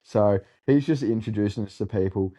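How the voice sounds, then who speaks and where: A man's voice: fairly low pitch, normal speed, warm tone. A young Australian man telling a rambling party story in casual chat, laughing and swearing a lot. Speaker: co-host telling a road-trip story.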